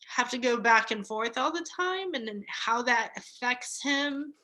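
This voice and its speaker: A woman in her thirties talking slowly and reflectively in a casual, heartfelt chat, pausing and laughing softly. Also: a little high. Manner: slow, reflective, with soft laughs and pauses. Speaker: guest.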